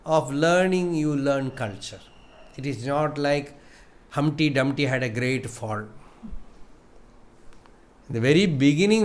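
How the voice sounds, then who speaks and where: A man giving a spiritual discourse as a teacher, measured in his delivery, repeating phrases and chanting verses. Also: on the high side. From India.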